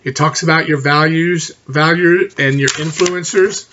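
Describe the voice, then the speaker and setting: Middle-aged male instructor, fairly high voice, quick conversational lecture, dull lo-fi recording. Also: fairly even intonation, bright, forceful tone, a little hiss or hum. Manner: fast, conversational, direct with frequent "okay?" checks. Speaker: college writing instructor.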